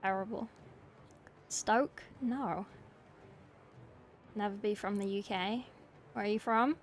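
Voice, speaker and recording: A woman's voice: medium pitch, slow pace, long pauses, fairly bright tone, slight background noise. A woman from England and New Zealand, with an English accent that carries New Zealand traces, chatting playfully with viewers while she paints miniatures and answering the chat in short bursts.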